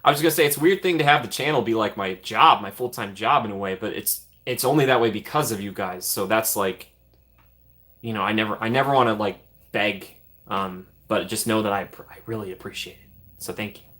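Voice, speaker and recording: On a casual livestream, a man with a fairly low voice and a fairly bright tone reads out donations. He keeps thanking viewers in quick, repeated bursts and laughs a lot, sounding grateful.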